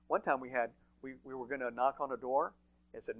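A man's voice: mid-range voice, animated, fast talker, creaky, fairly bright tone, lo-fi sound. A man preaching a sermon in a conversational way, often repeating phrases and checking in with "right?".

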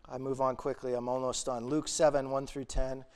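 A man's voice: mid-range voice, level tone, normal speed, darkish tone, clean tone. A young man delivers an earnest sermon in a mid-range voice. He retells a parable and slips into pleading voices for its characters. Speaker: preacher.

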